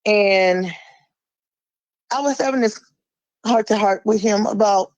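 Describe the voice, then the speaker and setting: A middle-aged woman calling in and speaking in a forceful, emphatic, preachy way. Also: mid-range voice, takes it slowly, no echo, poor audio. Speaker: caller. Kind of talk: impassioned monologue.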